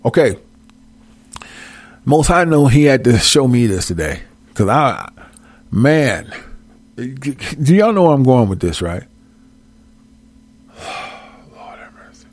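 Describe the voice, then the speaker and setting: A man leading a casual Bible study, reading verses and chatting straight at his viewers in a folksy, animated way. His voice is gravelly with a lot of fry, and the recording is close and dry. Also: mid-range voice, measured pace, long pauses, no echo. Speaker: Bible teacher.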